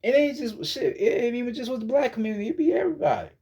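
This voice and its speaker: A man's voice: extremely high pitch, fast, a little mellow, breathy edge. A man giving a casual spiritual monologue as a vlogger, lecturing bluntly with heavy profanity and frequent repetition.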